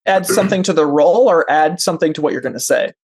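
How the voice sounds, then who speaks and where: A man's voice: a little high, fast. A man running a tabletop role-playing game as game master, casual and easygoing, laughing often.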